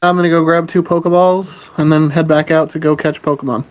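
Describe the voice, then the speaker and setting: A man's voice: a little high, fairly even intonation, fairly quick, low-quality recording. A man taking part as a player in a tabletop game, casual and joking.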